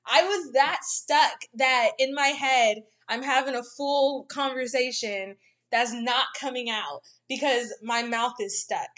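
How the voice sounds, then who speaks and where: Young woman, high voice, casual storyteller who laughs often and acts out her quotes. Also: steady tone, moderate pace, a bit bright.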